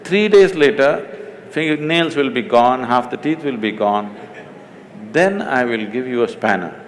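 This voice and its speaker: A man's voice: mid-range voice, lively intonation. Middle-aged Indian man, spiritual teacher; emphatic, teasing, leans on words; faint noise behind. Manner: emphatic, teasing, slow deliberate stresses. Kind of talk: stage conversation with an interviewer.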